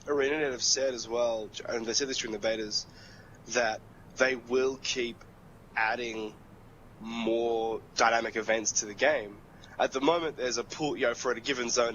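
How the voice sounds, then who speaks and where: A man's voice: on the low side, a bit bright, slight background noise. A man co-hosting a gaming podcast, explaining in a wry, matter-of-fact way. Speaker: podcast co-host. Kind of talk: casual gaming podcast chat. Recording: dull lo-fi mic.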